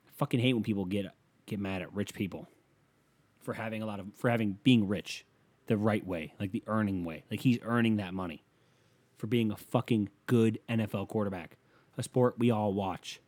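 A man's voice: on the low side, moderate pace, darkish tone. A man hosting a solo podcast, ranting in a rambling, profane way, with a slight lisp on his s sounds. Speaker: podcast host.

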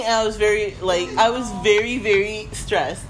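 A woman telling a story in casual chat, animated, laughing and mimicking others. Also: mid-range voice, normal speed, hardly any pauses, slight background noise.

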